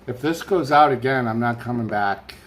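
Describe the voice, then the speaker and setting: A man's voice: medium pitch, moderate pace. Rambling man chatting on a live stream. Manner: rambling, chatty, reads viewer comments aloud. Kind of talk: casual live chat. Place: home room with a fan running.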